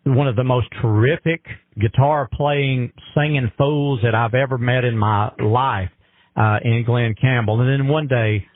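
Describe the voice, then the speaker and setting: A man's voice: mid-range voice, steady tone, unhurried, no room sound. An earnest man talks in a folksy, emphatic way during a heartfelt radio conversation. His voice comes through a thin phone line with no room sound at all. He sits in a comfortable middle register.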